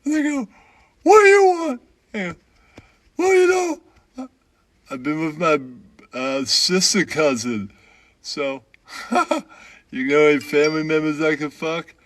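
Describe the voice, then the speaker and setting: A man voicing a giggling, shrill-voiced male comic who emcees and cackles between lines. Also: sing-song, unhurried, pauses often. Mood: giggly.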